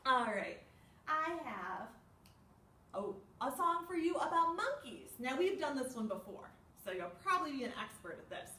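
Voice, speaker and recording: In a high voice and at a moderate pace, a woman who works as a children's librarian runs a storytime, gasping and quizzing her young audience as she reads. The sound is echoey, recorded far from the microphone.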